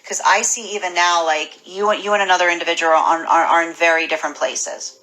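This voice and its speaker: Woman doing a tarot reading, lowish but bright punchy voice, keeps restarting her sentences, very animated. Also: brisk, poor audio. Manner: animated, repeats and restarts phrases often; acts out imagined people's voices. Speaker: tarot reader. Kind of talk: casual spoken tarot reading.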